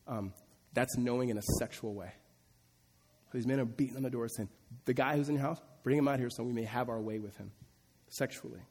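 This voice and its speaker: Husky-voiced preacher in a reverberant hall. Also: male voice, brisk, a little mellow. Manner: conversational, turning emphatic and rising in pitch and volume. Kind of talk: expository sermon with Bible reading.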